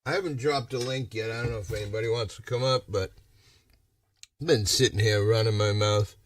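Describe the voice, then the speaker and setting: A man's voice: lowish voice, fairly quick, far from the mic, slight background noise. A man from Massachusetts chatting on a casual livestream, rambling and ranting with a lot of swearing. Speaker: livestream host.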